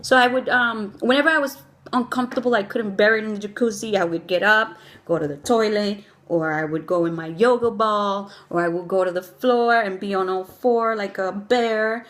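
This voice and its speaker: Young woman telling her story casually, lots of likes and oh my gods, middle pitch, animated. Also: normal speed. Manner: animated, gushing, many "like" and "oh my God" fillers. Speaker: new mother telling her birth story.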